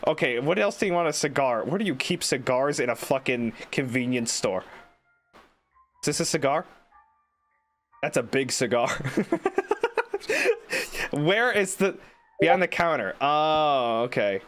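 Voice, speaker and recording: A man's voice: medium pitch, lively intonation, normal speed, a bit bright, soft background music. A man streaming a game, rambling, joking and swearing in casual commentary. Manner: rambling, swearing, jokey outbursts.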